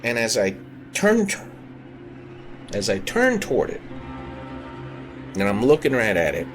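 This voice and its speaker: Podcast guy w a lowish voice telling his creepy encounter story, kinda halting, music playing under him. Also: wildly swooping pitch. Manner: earnest, halting, circles back and rephrases. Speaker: podcast host. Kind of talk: personal paranormal storytelling. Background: background music.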